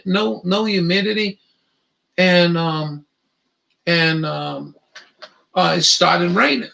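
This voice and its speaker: A man's voice: sits high, vocal fry, pushed and bright, roomy sound, far from the mic. An older man telling rambling, profane stories in a meandering monologue. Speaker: vlogger.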